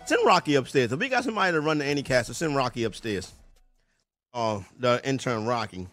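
A man's voice: mid-range voice, expressive, a little fast, fairly bright tone, no room sound, soft background music. A man hosting a sports radio show, loose and joking, chatting with callers and co-hosts. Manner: loose, joking, talks while eating. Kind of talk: casual sports radio banter.

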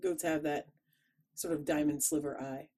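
A woman's voice: low voice, wildly swooping pitch, normal speed, vocal fry, mellow. A woman with a Chicago accent co-hosting a podcast, chatting in a playful, rambling way and laughing easily. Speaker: podcast co-host. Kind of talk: casual chat.

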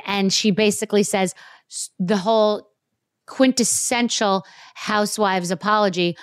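A woman hosting a podcast, chatting casually about reality TV in a blunt, animated way and swearing freely. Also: medium pitch, a little slow, clean tone, no echo, studio quality. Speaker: podcast host. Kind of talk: casual chat.

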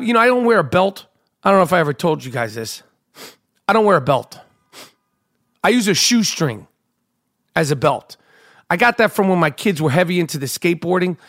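A man with a high, light voice tells a breathless story about running late, cursing constantly. He jumps into his own panicked shouts, then drops back to a low, confiding aside. Middle-aged and loud, he sounds like a radio show regular on a rant. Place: New York.

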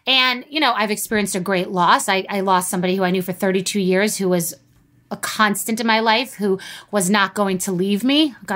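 Woman, 50s, podcast host, candid, bright tone. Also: mid-range voice. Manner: candid, emotional, talks in repeated short statements. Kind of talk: personal monologue and interview.

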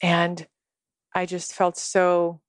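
Earnest low-voiced woman telling a story. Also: completely flat delivery, no echo. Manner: earnest, spiritual, unhurried. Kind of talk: personal storytelling in conversation.

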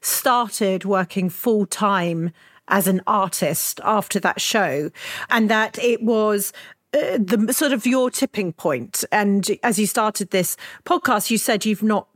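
A woman's voice: mid-range voice, takes it slowly, dry recording. An enthusiastic woman hosts a podcast and interviews her guest with effusive questions. The recording is dry and close, with no room sound. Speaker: podcast host.

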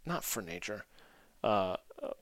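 A man's voice: fairly low pitch, big pitch swings, measured pace, no room sound, studio quality. A man hosting a solo podcast, talking reflectively, rambling and correcting himself, often laughing at himself. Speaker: podcast host.

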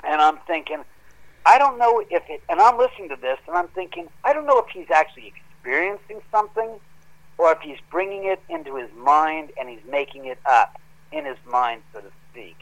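A man telling a story in a casual, animated way that grows heated as he goes. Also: on the high side, a little fast, dull audio. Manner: animated, gets heated retelling events. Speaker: guest homeowner telling a story.

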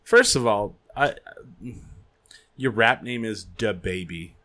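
A man's voice: on the low side, lively intonation, slow, fairly bright tone. A man co-hosting a podcast, joking and swearing freely in casual banter. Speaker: podcast co-host.

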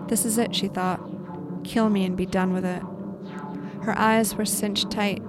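A woman host reading a short story aloud in clear, scripted narration. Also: mid-range voice.

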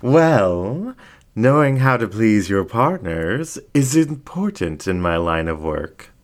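A man's voice: fairly low pitch, very animated, slow pace, pitched above the performer's own voice. Man putting on a coy, flirty fox ringmaster. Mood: playful. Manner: flirty, lilting. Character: playful sultry male fox ringmaster, coy. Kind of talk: audiobook story reading.

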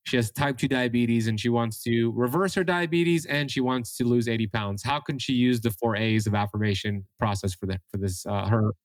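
A man's voice: mid-range voice, moderate pace, few pauses, no room sound. A man hosting a podcast interview, friendly, often stumbling and restarting his words. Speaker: podcast host. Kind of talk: interview questions.

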